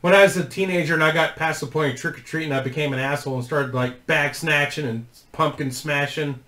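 A man with a high voice tells a rambling, profane story straight to camera for his own channel. He laughs easily as he talks. The sound is roomy and echoey. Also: steady tone, a little fast, sharp tone. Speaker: YouTube host.

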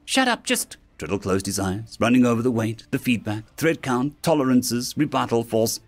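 A man narrating a science-fiction story in an expressive storytelling manner. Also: medium pitch, moderate pace. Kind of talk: scripted sci-fi story narration.

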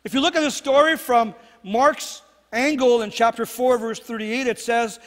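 A man's voice: extremely high pitch, fairly even intonation, moderate pace, a bit bright. A man preaching a sermon as pastor, earnest and repetitive, often checking in with "right?". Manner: earnest, repeats phrases, asks "right?" often. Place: church sanctuary. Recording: long hall reverb.

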